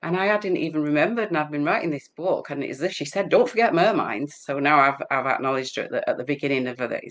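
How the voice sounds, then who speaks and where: A woman's voice: low voice, fairly even intonation, fast talker, hardly any pauses, fairly bright tone. A middle-aged English woman chatting as an interview guest, rambling and laughing often. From England. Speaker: guest healer. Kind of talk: casual chat.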